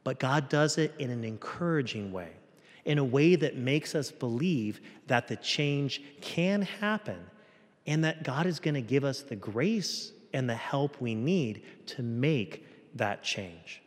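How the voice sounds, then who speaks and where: A man's voice: medium pitch, expressive, a little slow, long reverb tail. A man, a Catholic priest, giving a conversational homily at Mass and acting out quoted voices with changes of tone. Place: church.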